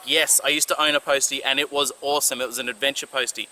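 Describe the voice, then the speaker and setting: A man's voice: medium pitch, fairly even intonation, fast talker, sharp tone, rough recording. A young Australian man reading out fan questions for his motorcycle vlog, laid-back, with dry joking answers. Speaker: motorcycle vlogger. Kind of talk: casual Q&A vlog.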